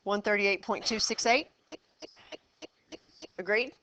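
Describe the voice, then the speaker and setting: Smooth-voiced woman teaching math class. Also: mid-range voice, bright, forceful tone. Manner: quizzing the class, brisk and encouraging. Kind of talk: classroom lesson.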